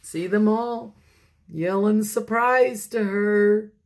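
A woman pastor reading a picture book aloud to children, animated, laughing often and talking to her listeners. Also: medium pitch, slow.

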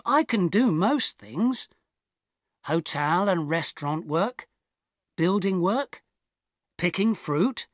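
Woman, first-person audiobook narration, slow, lively pitch. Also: dry recording, studio quality. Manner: slow, plain, even reading for learners.

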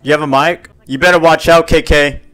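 A young man streaming a VR game, bossily shouting orders and teasing other players with loud playful trash talk. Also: a little high, steady tone, brisk, smooth, faint music behind. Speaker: streamer leading a group in a VR game.

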